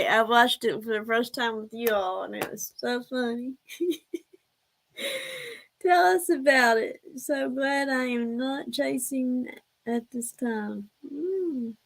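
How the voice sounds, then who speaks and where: A woman's voice: fairly high pitch, sharp tone. A woman chatting casually on a live stream, rambling and answering her viewers' comments.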